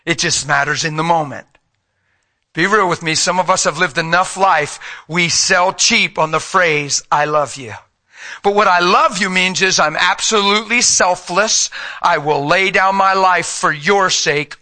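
A middle-aged man preaching a sermon, emphatic and direct, urging his listeners and swinging from loud passages to hushed ones. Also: a little high, moderate pace.

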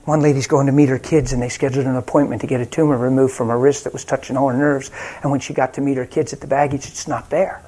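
A man's voice: medium pitch, flat delivery, fast talker, dark tone. A man preaching a sermon, telling personal stories in a conversational way with frequent laughter, then leading a healing prayer. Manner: conversational storytelling, laughs often.

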